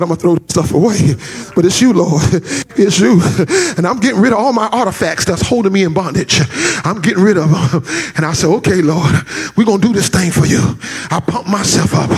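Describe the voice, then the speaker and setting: A male preacher telling a personal testimony in a dramatic, storytelling way, building to shouts. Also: high voice, creaky, slightly rough. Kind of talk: testimony sermon. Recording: music playing under the voice.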